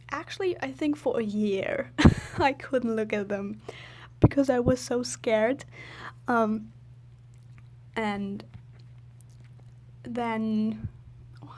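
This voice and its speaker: A woman's voice: a little high, a little mellow, a little hiss or hum. A woman telling a story in a casual, rambling voice-over, filling her talk with "like" and giggling often. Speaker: video creator.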